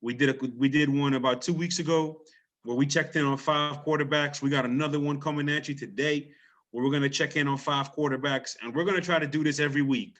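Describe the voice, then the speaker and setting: A man hosts a casual sports talk podcast, his voice pitched fairly high and moving quickly. He speaks with loose, energetic delivery, restarting often, and an island lilt shows beneath his broadcast tone.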